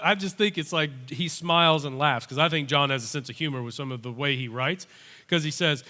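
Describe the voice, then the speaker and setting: Animated, bright-voiced male pastor. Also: a little high, a little fast. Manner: animated storytelling, acting out voices. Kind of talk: sermon. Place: church. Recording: long church-hall reverb.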